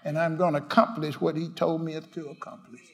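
High voice, man preaching a fiery sermon, repetitive cadences, loud cries and hushed murmurs. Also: little pitch movement, fairly quick, gravelly. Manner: swings from shouting to hushed murmurs.

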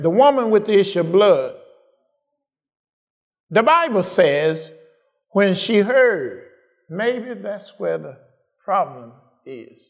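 A male preacher with a rather high voice speaks in a slow, deliberate way. He keeps restating phrases for emphasis and asking the congregation whether he's right.

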